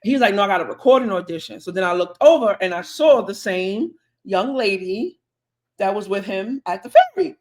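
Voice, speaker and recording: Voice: mid-range voice, expressive, brisk, background noise. A podcast co-host telling a long, chatty anecdote in casual conversation, acting out the dialogue along the way. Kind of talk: casual storytelling.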